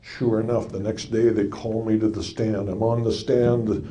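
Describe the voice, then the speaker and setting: A man's voice: lowish voice, flat delivery, moderate pace, warm tone. An older man telling a courtroom story to a live audience in a folksy, wry way, landing punchlines and acting out quotes.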